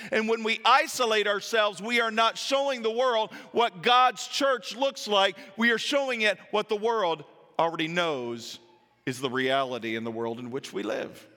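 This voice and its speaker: A man in his thirties preaching a sermon to his congregation, with earnest emphasis that drops into quiet, personal asides. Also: high voice. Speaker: pastor. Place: church sanctuary. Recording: long hall reverb. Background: church hall.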